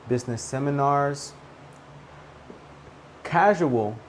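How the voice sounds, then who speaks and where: A man teaching English pronunciation, slowly over-articulating each word to camera. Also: mid-range voice, a little mellow, slight background noise, rough recording. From Latin America. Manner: slow, carefully over-articulated demonstrations.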